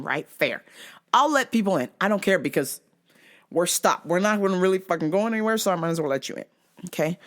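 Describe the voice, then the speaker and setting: A woman hosting her own show, telling a rant story casually, full of swearing and sound effects. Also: medium pitch. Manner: profane, animated, frequent sound effects. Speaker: host.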